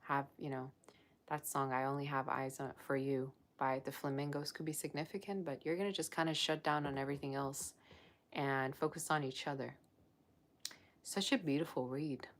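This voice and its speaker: A woman with a notably low voice hosts a live-streamed tarot reading. She talks in a chatty, effusive way and gushes over the cards as she reads them. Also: steady tone, moderate pace. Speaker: tarot reader.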